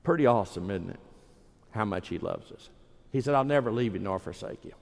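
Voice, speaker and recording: A man's voice: on the low side, lively intonation, brisk, vocal fry. A man preaching a sermon in a folksy, emphatic storytelling manner. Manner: folksy, emphatic, acts out quoted voices. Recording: reverberant hall.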